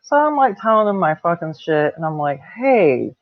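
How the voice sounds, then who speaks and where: A woman's voice: fairly low pitch, sing-song, a little fast, no room sound. A woman in her late thirties telling a personal story to camera, blunt and swearing a lot. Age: 30s. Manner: blunt, heavy swearing, laughs between lines. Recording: tinny dry phone-like sound.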